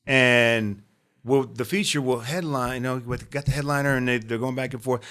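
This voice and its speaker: A man from Omaha spins lively stories in a bright, forceful voice at a middle pitch. He is a podcast guest who often slips into other people's lines as he goes. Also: normal speed. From Omaha, Nebraska. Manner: animated anecdote-telling, acting out other people's lines. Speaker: podcast guest, actor and comedian. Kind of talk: casual storytelling.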